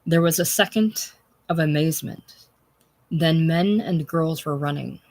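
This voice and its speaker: Brief: slow, plain novel reader, close and bone-dry sound. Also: medium pitch, dry recording. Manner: unhurried, plain reading. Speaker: audiobook narrator. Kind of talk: unabridged novel reading.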